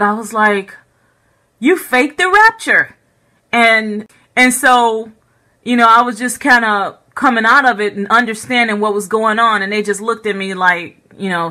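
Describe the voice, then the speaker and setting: A woman recounting a dream in a casual, animated way, with many fillers and repeats. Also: on the high side.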